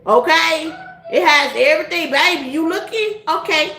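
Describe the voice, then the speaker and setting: A woman's voice: extremely high pitch, animated, normal speed, pushed and bright, roomy sound, a little hiss or hum. A middle-aged woman hosting a casual chat to her viewers, laughing often and repeating her points in a direct, folksy way. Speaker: tarot reader and channel host.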